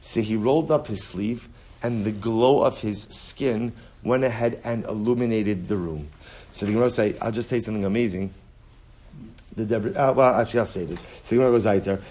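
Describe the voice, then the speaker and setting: A rabbi teaching a daily Talmud lesson, reading Aramaic lines and translating them, repeating key phrases and building intensity to make a point. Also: male voice, on the low side, a little fast, a little mellow. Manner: rises in intensity when driving home a point. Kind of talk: Talmud lesson, explaining text aloud.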